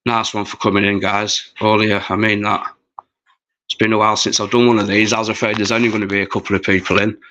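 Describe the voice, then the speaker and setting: A fast-talking man in his forties with a lowish, pushed, bright voice hosts a livestream in a flat delivery. Rambling and sweary, he chats casually with the people watching.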